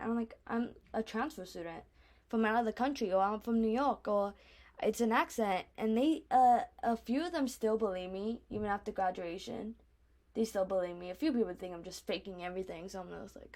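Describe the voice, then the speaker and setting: A woman's voice: medium pitch, lively intonation, brisk. A young woman from Arizona with a speech impediment, telling personal stories in a casual, rambling vlog. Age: young adult. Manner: chatty, lots of "like" and restarts, acts out her own reactions. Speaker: vlogger.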